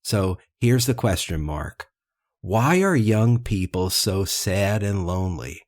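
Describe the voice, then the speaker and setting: A man's voice: on the low side, lively intonation, takes it slowly, darkish tone. A man co-hosting a podcast, asking questions in a wry, inquisitive casual chat. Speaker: podcast co-host.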